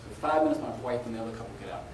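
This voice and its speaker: Middle-aged male conference speaker, animated storyteller, recorded far off in a noisy, reverberant hall. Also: medium pitch, very fast. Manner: animated storyteller, laughing at his own story. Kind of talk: live anecdotal talk. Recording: echoey live hall, taped from a distance with noise.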